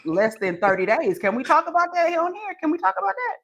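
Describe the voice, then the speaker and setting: A woman hosting a casual interview, lively and teasing, with colloquial talk. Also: extremely high pitch, quick pace. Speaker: podcast host.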